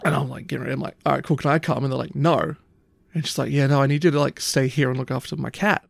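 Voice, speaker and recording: A man's voice: medium pitch, fairly even intonation, fast, gravelly, no room sound, studio quality. A man telling a long, rambling story in casual chat, swearing often. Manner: rambling anecdote, frequent swearing and "like".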